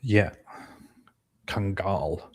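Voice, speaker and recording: A man from Turkey co-hosting a livestream, reading viewer comments aloud in a relaxed, chatty way. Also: low voice, extremely slow, breathy edge. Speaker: co-host reading chat. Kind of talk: casual livestream chat.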